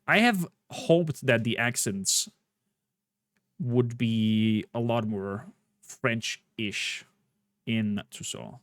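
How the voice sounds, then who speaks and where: Male streamer, mid-pitched, chatty rambling commentary, dry close mic. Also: very slow, a bit bright, dry recording. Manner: rambling, chatty, with frequent fillers. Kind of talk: casual gameplay commentary. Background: faint game music.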